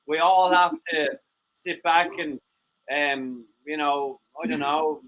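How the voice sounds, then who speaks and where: A man's voice: on the high side, steady tone, takes it slowly, fairly bright tone, a little hiss or hum, poor audio. A man co-hosting a live stream show, joking and rambling with lots of swearing and laughter. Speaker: co-host.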